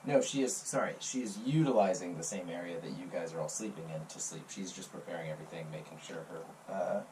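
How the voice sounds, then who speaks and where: A game master narrating a tabletop game in a relaxed, giggly way. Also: low-pitched, fast. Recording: distant mic, faint hiss.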